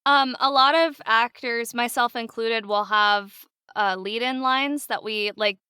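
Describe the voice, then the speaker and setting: Bright, crisp-voiced woman voice actress. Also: a little high, measured pace, dry recording, clean studio sound. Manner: chatty, laughs often, animated. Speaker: voice actress guest. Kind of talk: casual podcast interview.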